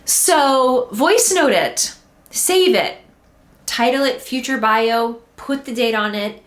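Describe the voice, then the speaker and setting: A woman's voice: on the high side, animated, takes it slowly. Encouraging woman coaching, roomy echo. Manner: encouraging and direct, giving step-by-step exercises. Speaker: singing coach and podcast host. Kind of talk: coaching monologue to listeners. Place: at her home desk.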